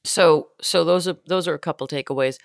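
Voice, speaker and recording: Low-voiced joking woman podcast co-host. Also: vocal fry, no echo, studio quality. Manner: joking, playful, bursts into a fast auctioneer voice. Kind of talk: casual chat.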